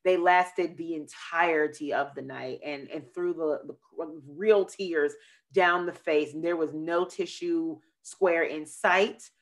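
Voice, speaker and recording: Woman, podcast host, casual chat, rambling storyteller, low voice, animated. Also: slow. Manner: animated, acts out quotes.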